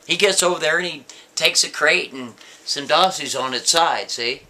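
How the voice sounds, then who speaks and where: A man's voice: fairly high pitch, normal speed, pushed and bright. A man telling a story casually, talking straight to the listener and checking in with them often. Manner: conversational, asks listener "right?" and "see?".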